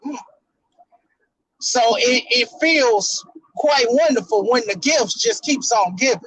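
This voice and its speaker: A man co-hosting a casual wrestling talk show, talking in an emotional, preacher-like way with dramatic pauses. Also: very high voice, animated, fairly bright tone, husky, no echo, low-quality recording. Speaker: podcast co-host.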